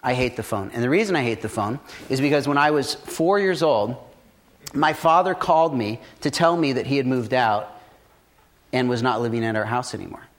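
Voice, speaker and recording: Brief: a man with a middle-pitched voice, profane and blunt, riffing on business lessons in a casual talk. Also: moderate pace. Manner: profane, blunt, animated storytelling. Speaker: entrepreneur giving business advice.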